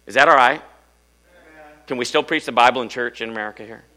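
A middle-aged male pastor preaching a sermon in church, firing off rhetorical questions and swinging from loud to hushed. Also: mid-range voice, fast talker.

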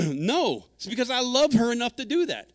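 A man's voice: very high voice, sing-song, normal speed, no room sound, studio quality. A man preaching a sermon in an earnest, conversational way, acting out quotes as he goes. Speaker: pastor.

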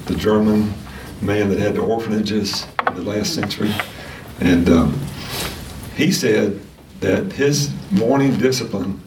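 Male Sunday school teacher, lower voice, halting delivery full of fillers, distant mic in an echoey room with faint noise. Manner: halting, many restarts and fillers. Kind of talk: casual church lesson. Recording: roomy sound from a distant mic.

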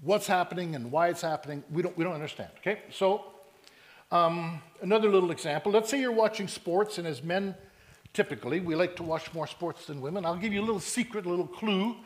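Male preacher, high voice, animated storyteller who acts out dialogue, sermon delivery. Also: fairly quick. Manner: animated storytelling, acting out both sides of conversations.

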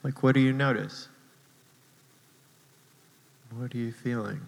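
A man's voice: medium pitch, steady tone, measured pace, vocal fry, big-room sound, rough recording. A man preaching a sermon as pastor, casual and self-deprecating, laughing often between points.

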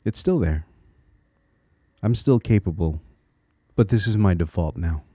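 A low-pitched man with a warm, mellow tone hosts a solo podcast, reflective and earnest as he encourages his listeners. He thinks aloud, restarting small phrases now and then. The sound is dry, with no room echo. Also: animated, unhurried. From Connecticut, USA. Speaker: podcast host.

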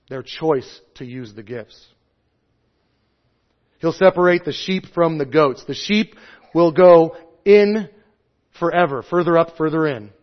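A man in his thirties or forties preaching a sermon, stressing points loudly and then dropping to soft, low asides. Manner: emphatic, swings between loud stresses and soft low asides. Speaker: pastor. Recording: dull lo-fi sound.

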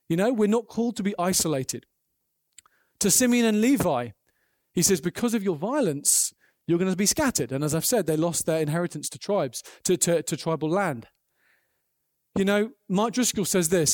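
Male preacher, high-pitched, animated storyteller, dry close sound. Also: moderate pace, dry recording. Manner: earnest, animated storytelling with acted quotes. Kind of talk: sermon.

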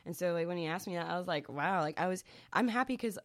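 Fast-talking young woman, chatty and rambling. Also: fairly low pitch, no room sound, studio quality. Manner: rambling, lots of fillers, animated quoting, swears. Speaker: interviewee, musician in a band. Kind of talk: casual chatty interview.

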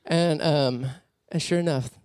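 A man preaching a sermon as a personal story, animated and laughing often as he tells it. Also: a little high, a little slow, smooth, no echo, studio quality.

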